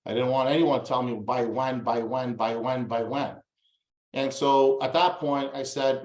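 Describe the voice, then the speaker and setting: A man's voice: mid-range voice, steady tone, moderate pace, a little mellow, reverberant, poor audio. A man from Toronto, a real estate coach, telling a personal story in a motivational style and acting out remembered dialogue with stammered restarts. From Toronto, Canada.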